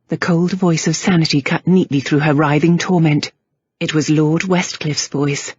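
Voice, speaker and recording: A woman narrating a novel in a measured, steady way, with a husky, breathy tone at a middle pitch. The recording is dry and a little muffled. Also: dry recording. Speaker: audiobook narrator. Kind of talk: scripted narration.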